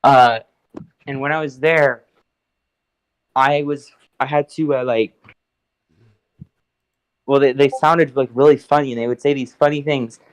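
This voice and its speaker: A man's voice: medium pitch, fairly even intonation, a little slow, pauses often, smooth, dry recording, low-quality recording. An American man chatting casually, telling stories and teasing, often swearing. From United States. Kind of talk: casual chat.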